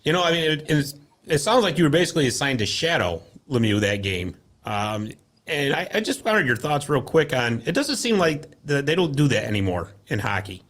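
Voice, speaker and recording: A man's voice: on the high side, sing-song, fairly quick, a bit bright. A man co-hosting a podcast, enthusiastic and asking questions in casual chat. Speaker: podcast co-host.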